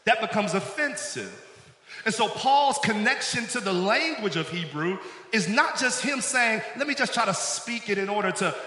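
A man's voice: high-pitched, lively intonation, moderate pace, sharp tone. A man preaching a sermon as pastor, calling out to the congregation for responses. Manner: preaching with call-outs to the congregation. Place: church sanctuary. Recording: echoey hall with long reverb.

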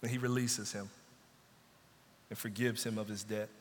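A man's voice: lowish voice, little pitch movement, moderate pace, a little hiss or hum. A man preaching a sermon as pastor, building in intensity and dropping into pleading asides. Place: church sanctuary. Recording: long church reverb.

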